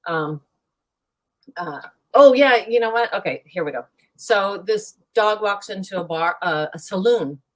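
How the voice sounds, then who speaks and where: A woman chatting as a guest on a live show, playful and lively as she tells a long joke. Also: mid-range voice, measured pace. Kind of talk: casual chat, telling a joke.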